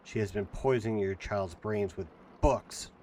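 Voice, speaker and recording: A man's voice: on the low side, measured pace, warm tone, slight background noise, lightly acted. A man reading aloud, voicing a hateful man leading an angry mob. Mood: hostile.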